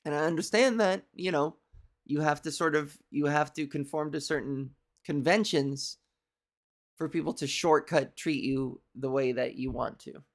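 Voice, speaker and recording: Speaking at normal speed in a low-sitting, scratchy, cartoony voice, a young woman from Canada hosts a comedy stream. Her casual live-stream monologue rambles, swears freely and pokes fun at herself.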